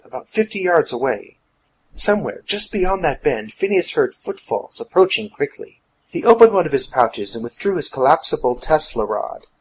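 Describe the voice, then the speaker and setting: A man's voice: mid-range voice, husky, low-quality recording. A man narrating a steampunk adventure story in a dramatic storytelling manner. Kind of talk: scripted audiobook narration.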